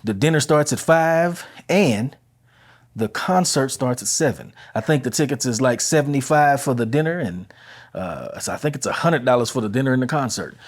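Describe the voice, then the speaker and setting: Speaking at a moderate pace with an animated, mid-range voice, this man hosts a relaxed podcast from home. He runs through community announcements in a chatty, laid-back way, addressing listeners directly.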